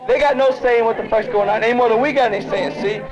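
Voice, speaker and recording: A man's voice: very high voice, rapid-fire. A man arguing heatedly and profanely in a street discussion, combative and emphatic. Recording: dull lo-fi film audio with loud crowd.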